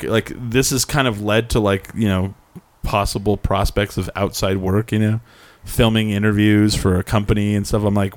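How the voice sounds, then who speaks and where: A man's voice: on the low side, little pitch movement, normal speed. A man hosting a live web show, chatting casually and telling rambling stories with lots of restarts. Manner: rambling storyteller, frequent restarts. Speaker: podcast host. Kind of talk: casual chat.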